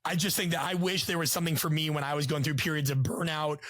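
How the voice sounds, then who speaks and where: A man who is a guest coach and author, talking quickly and with animation in a casual podcast conversation, with a self-deprecating streak. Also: a little high, fairly even intonation, fairly bright tone, no echo.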